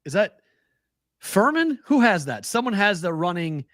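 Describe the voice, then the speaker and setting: A man's voice: high voice, sing-song, a little slow, fairly bright tone, dry recording, studio quality. A man hosting a podcast in casual chat, rambling and often repeating his words. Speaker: podcast host.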